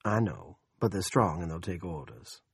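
A man voicing a smug, scheming middle-aged male town politician who speaks slowly and condescendingly. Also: low voice, sing-song, creaky, slightly rough, dry recording, clean studio sound, heavily acted. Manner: slow, condescending and self-satisfied.

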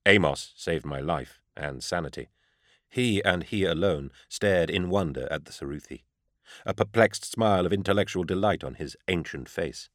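A man reading a first-person story aloud in a grave, measured storytelling manner. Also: sits low, a bit bright, no echo, clean studio sound. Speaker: audiobook narrator. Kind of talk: first-person scripted narration.

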